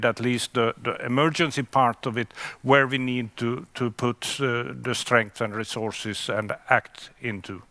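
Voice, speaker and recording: A man moderates a panel discussion, framing pointed questions and pausing to correct his own figures. His voice is bright and forward, and the sound is close and dry. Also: mid-range voice, dry recording. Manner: probing questions, self-correcting.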